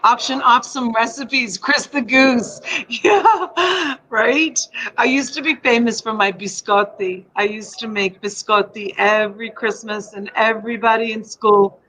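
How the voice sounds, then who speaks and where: A woman's voice: a little high, fairly even intonation, normal speed, bright, forceful tone, a little hiss or hum, rough recording. A middle-aged woman hosting a casual live stream from home, chatty and rambling. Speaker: live-stream host selling items. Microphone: USB desk mic.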